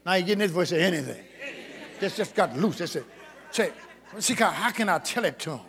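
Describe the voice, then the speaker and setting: Male preacher, high lively voice, gravelly, bright, faint congregation behind. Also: a little fast, a crowd in the background. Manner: shouting, call-and-response, repeating words. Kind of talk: sermon. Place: church with congregation.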